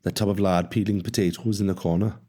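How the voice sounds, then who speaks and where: A deep-voiced man puts on a huge, gruff sous chef with a Welsh accent. He barks a curt instruction and turns away dismissively, in an audiobook reading. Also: steady tone, quick pace, dark tone.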